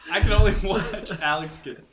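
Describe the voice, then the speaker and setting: A man's voice: high voice, normal speed. A man bantering playfully with fellow improv performers on a live stream. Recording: echoey room, distant mic, background noise.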